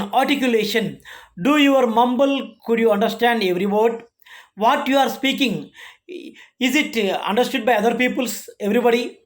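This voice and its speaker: Lecturer rephrasing each point. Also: medium pitch. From India. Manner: reads points aloud then rephrases them, with frequent restarts. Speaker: college lecturer. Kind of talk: classroom lecture.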